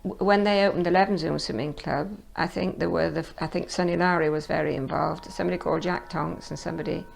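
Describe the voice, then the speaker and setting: A woman's voice: fairly low pitch, steady tone, quick pace, creaky, hardly any pauses, rough recording. An older woman, recalling details hesitantly in an oral history interview.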